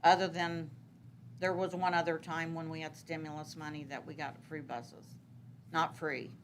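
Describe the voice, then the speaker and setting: A woman's voice: low-pitched, level tone, normal speed, slight background noise. A woman answering questions at a city council meeting, rambling with many fillers and restarts. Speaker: city transit manager.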